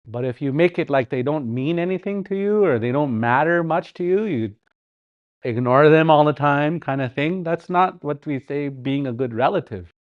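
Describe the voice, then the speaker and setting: A middle-aged man teaching a livestreamed language class, repeating words slowly, chanting song lines and laughing often. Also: a little high, expressive, dry recording, muffled recording.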